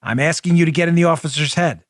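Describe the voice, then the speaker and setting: This is the fast, steady-toned voice of a man in his forties hosting an opinionated talk show in a New York Queens accent. His voice sits fairly high, and he talks emphatically, repeatedly tossing rhetorical questions at listeners. The audio is close and dry.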